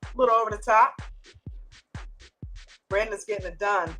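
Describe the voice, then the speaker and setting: A woman's voice: mid-range voice, moderate pace, bright, forceful tone, soft background music. An American woman hosting a live trading chat stream, playful and teasing, laughing often and greeting viewers by name. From United States.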